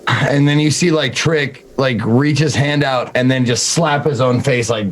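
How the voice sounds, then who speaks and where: A man's voice: mid-range voice, measured pace. A man playing a tabletop game, casually describing his character's actions with lots of fillers. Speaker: player.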